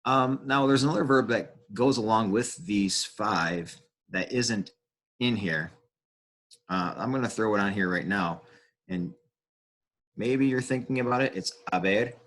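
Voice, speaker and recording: A deep, low-pitched man talks through a lesson as a teacher. His delivery is casual and unhurried, with fillers and restarts as he points out patterns. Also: a bit bright, slight background noise. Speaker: Spanish teacher. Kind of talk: classroom-style lesson explanation.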